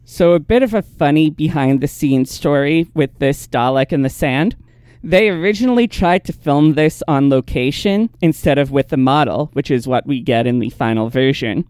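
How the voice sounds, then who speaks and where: Smooth-voiced man hosting a recap chat. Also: a little high, moderate pace, dry recording, studio quality. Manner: relaxed storyteller, laughs easily. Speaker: podcast host. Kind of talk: casual chat recapping episodes.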